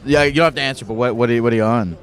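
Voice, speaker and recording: A man's voice: mid-range voice, very fast. A man doing comic, playful street interviews in a city park while in costume. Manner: joking, playful questions.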